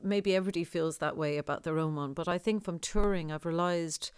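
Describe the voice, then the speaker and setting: A woman with a deep voice, a singer talking in an interview in a rambling, digressive way. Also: fairly quick, clear, resonant tone, no room sound, clean studio sound. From Ireland. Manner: rambling, digressive, laughs often. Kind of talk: conversational interview.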